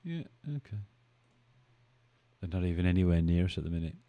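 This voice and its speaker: A man's voice: low-pitched, expressive, a little fast, phone-quality sound. A man hosting a live stream, chatting casually, thinking aloud and bantering with his viewers as he goes. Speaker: live-stream trading host.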